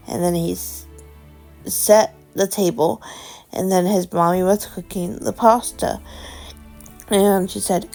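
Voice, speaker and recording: Woman storyteller, slow, gravelly; improvised kids' tale, faint music behind. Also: medium pitch, fairly even intonation, a little mellow. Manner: unhurried, with fillers and restarts. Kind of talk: improvised children's story narration.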